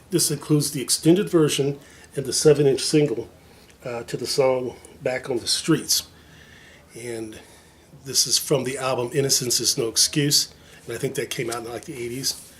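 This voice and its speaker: Showing off his record collection to viewers, a vinyl collector vlogger keeps up a rambling, chatty show-and-tell, poking fun at himself and leaning heavily on fillers. He has a mid-range voice with a fairly bright tone. A little hiss or hum is audible.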